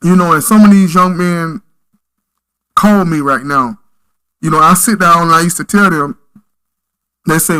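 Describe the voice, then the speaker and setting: A man with a bright, forceful, fairly high voice speaks as a podcast guest. He tells stories earnestly, with a preacher's emphasis. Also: unhurried, pauses often, clean tone, rough recording. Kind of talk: storytelling in conversation.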